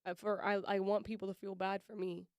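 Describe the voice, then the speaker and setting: Woman cohosting a faith podcast, smooth clear voice, dry close sound, laughs a lot. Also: mid-range voice, level tone, a little fast, darkish tone, no echo. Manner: thoughtful, trails off, laughs often. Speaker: podcast co-host. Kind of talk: casual faith podcast chat.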